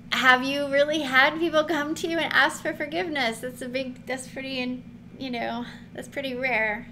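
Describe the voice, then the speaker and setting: High-voiced woman teaching Bible, chatty. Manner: chatty, animated, laughs often, acts out quotes. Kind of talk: casual Bible teaching to camera. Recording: noticeable background noise.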